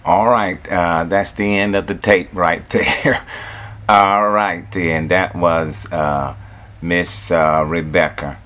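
A man radio host signing off a show, slow and halting with many fillers. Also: sits low, fairly even intonation, a little hiss or hum. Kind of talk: radio sign-off. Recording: loud guitar music behind.

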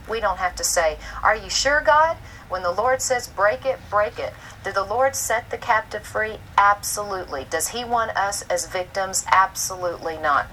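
A woman minister in her forties preaches with a bright, clear voice. She tells stories with animated delivery and lifts her voice when she quotes others. A faint hiss sits under the recording. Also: mid-range voice, low-quality recording. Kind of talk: recorded sermon with storytelling.

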